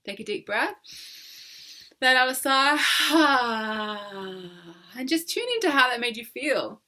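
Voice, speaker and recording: A young woman guides a tapping session for viewers, playful and coaxing, her words drawn out and exaggerated. She speaks slowly in a bright, forward voice that sits a little high, and she laughs often between instructions. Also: animated. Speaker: EFT tapping coach.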